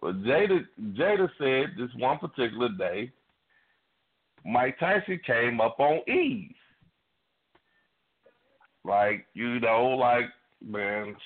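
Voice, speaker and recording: A man's voice: medium pitch, big pitch swings, slow, long pauses. A man co-hosting a radio talk show, chatting casually and profanely, rambling with many fillers. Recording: phone-like narrow band.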